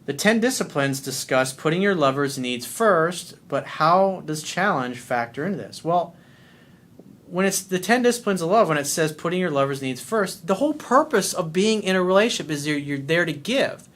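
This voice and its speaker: A man's voice: on the high side, expressive, moderate pace, fairly bright tone. A man working as a dating coach, answering a listener's letter in a blunt, profane way and acting out little scenes.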